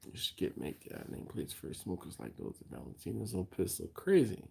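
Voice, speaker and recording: A man's voice: low voice, big pitch swings, a little fast, vocal fry, warm tone. A man hosting a barbecue channel, chatting casually on a live stream in a rambling way, yawning and tired, answering viewer comments as he goes.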